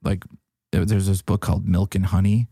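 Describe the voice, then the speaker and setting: Gravelly low-voiced man, rambling chat. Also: little pitch movement, moderate pace, mellow, no echo, studio quality. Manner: rambling, swears a lot. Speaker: podcast guest, comedian. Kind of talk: casual chat.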